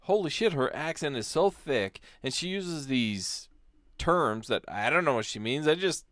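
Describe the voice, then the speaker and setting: A man's voice: fairly high pitch, lively intonation, measured pace, fairly bright tone, no room sound, clean studio sound. An American man co-hosting a casual podcast, rambling in an easygoing way. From United States. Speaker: podcast co-host.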